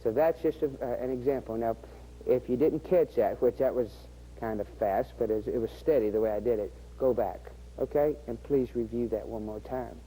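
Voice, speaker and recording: A man's voice: medium pitch, moderate pace, warm tone, a little hiss or hum, poor audio. A man hosting an instructional video, patiently walking the viewer step by step through programming rhythms on an organ. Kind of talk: instructional demonstration. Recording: faint organ music behind the voice. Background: organ rhythm sounds.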